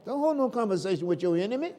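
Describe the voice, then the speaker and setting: A man with a Southern accent preaching a sermon in call-and-response style, swinging from quiet asides to loud exclamations. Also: high-pitched, lively intonation, very fast.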